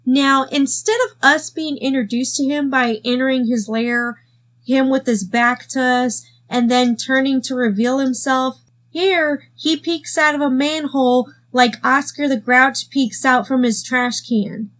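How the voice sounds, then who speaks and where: A woman's voice: sits high, fairly even intonation, measured pace, a bit bright. A woman giving a sarcastic review of a cartoon episode, full of wry asides, with faint music behind. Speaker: video reviewer.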